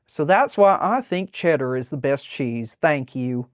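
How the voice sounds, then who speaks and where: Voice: medium pitch, animated, unhurried, no room sound, studio quality, lightly acted. Someone putting on a dim Southern good old boy. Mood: nervous, folksy. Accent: American Southern. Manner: dim, folksy, rambling. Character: nervous Southern good-old-boy male cartoon character.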